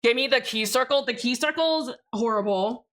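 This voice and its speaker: Young woman streamer rambling to chat, bright voice a bit on the high side, swears a lot. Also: moderate pace. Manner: chatty, rambling, swears freely, addresses chat directly. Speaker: livestreamer. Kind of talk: casual stream chat while building a keyboard.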